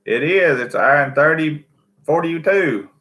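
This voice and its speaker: Southern guy reading the live chat, bright voice, laid back. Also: a little high, expressive, normal speed. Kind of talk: casual chat.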